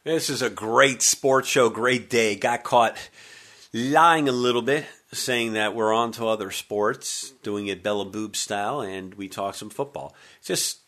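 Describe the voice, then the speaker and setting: Low-voiced joking sports radio host. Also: male voice, a little slow. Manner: energetic, joking, conversational. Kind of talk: talk radio monologue.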